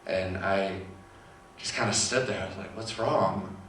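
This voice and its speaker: Soft-spoken young man, echoey distant room. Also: low-pitched, steady tone, slight background noise. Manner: halting, quiet storytelling with long pauses. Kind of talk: personal testimony.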